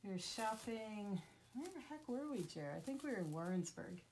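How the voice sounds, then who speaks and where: A woman's voice: mid-range voice, expressive, a little fast, a little mellow, slight background noise. A woman from Vermont talking casually while demonstrating a craft project, chatty and self-deprecating, joking with someone off camera. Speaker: craft tutorial host.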